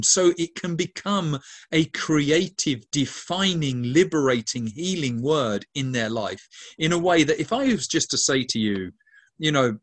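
A man's voice: a little high, a bit bright. A man leading a Christian ministry, answering interview questions in an earnest way, often restarting and stacking lists of emphatic words. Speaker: ministry leader.

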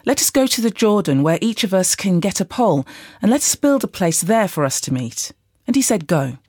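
A woman reading a Bible passage aloud in a measured way, lightly voicing the quoted speakers. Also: mid-range voice, sing-song, a little mellow, no room sound, studio quality. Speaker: Bible reader. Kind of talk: scripted scripture reading.

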